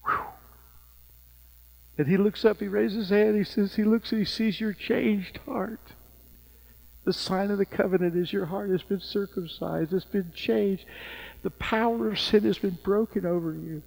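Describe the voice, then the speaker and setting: A middle-aged man preaching with a bright, high voice. He tells stories and builds to fervent, emphatic peaks in his sermon. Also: steady tone, a little slow, gravelly, poor audio. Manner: preaching with rising fervor and storytelling. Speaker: pastor.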